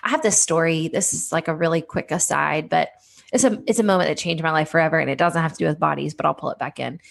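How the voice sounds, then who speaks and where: Expressive woman telling a personal story. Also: quick pace, creaky. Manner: animated, acts out quotes with rising pitch. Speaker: author guest.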